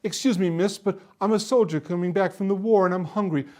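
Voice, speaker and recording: A storyteller voicing a hungry, crafty soldier home from the war, pleading at doors and then holding forth grandly to a crowd. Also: male voice, high-pitched, brisk, a little mellow, voice pushed up, natural voice.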